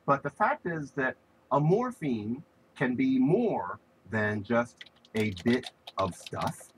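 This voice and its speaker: Lively-voiced man lecturing on language. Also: medium pitch, slow pace, slightly rough, poor audio. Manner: explains with spoken examples, emphatic stress on key words. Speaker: linguistics lecturer. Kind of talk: recorded lecture.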